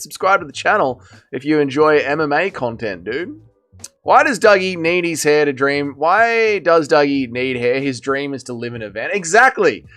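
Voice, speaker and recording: Australian streamer, wry and self-mocking, fairly high voice, faint music behind. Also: male voice, a bit bright. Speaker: livestream host. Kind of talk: casual livestream chat, reading out chat messages.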